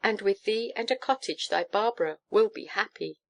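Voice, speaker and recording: A woman's voice: medium pitch, moderate pace, gravelly, close to an everyday voice. A woman reading a storybook, voicing a pushy, clinging old countess who shrieks and gushes. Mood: gushing. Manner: shrieking, gushing and pleading.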